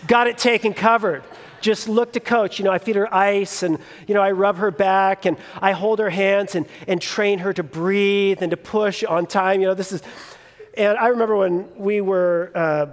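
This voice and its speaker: A man in his thirties preaching a sermon, telling a personal story in a conversational way with fillers and restarts. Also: sits high. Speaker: pastor. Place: church sanctuary. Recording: long hall reverb.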